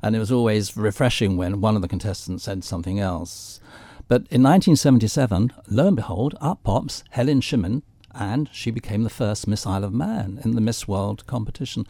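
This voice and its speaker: A man's voice: lowish voice, fairly quick, vocal fry, few pauses, warm tone, dry recording. An older man telling theatrical anecdotes as a guest on a radio chat show. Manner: theatrical storyteller.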